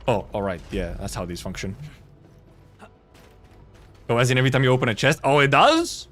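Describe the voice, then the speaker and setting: A young man chats his way through a video game in a casual, playful stream voice. His pitch swings widely as he reacts, joking, laughing and swearing as he thinks aloud. Soft game music sits in the background. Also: lively intonation, a little fast. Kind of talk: casual gaming commentary.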